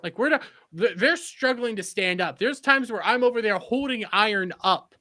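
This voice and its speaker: A man on a podcast panel, bantering in a casual way, teasing the others and laughing easily. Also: high-pitched. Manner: teasing, animated, quick to laugh.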